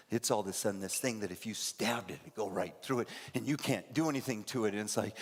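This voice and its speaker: A male pastor giving a lively sermon in a church, acting out scenes in different voices. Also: lowish voice, fairly quick. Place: church sanctuary. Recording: echoey church hall.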